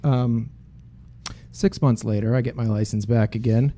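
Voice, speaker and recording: A Boston man with a medium-pitched voice talks at a measured pace as a podcast co-host in casual conversation. He tells stories animatedly, putting on voices for the people in them.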